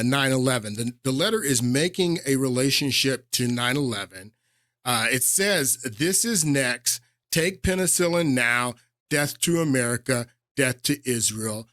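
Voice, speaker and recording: A male podcast host delivering an unscripted political monologue. He speaks at a middle pitch, often trailing into fillers and restarting his sentences before pressing his points with emphasis. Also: fairly bright tone, no echo, studio quality. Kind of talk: casual political commentary monologue.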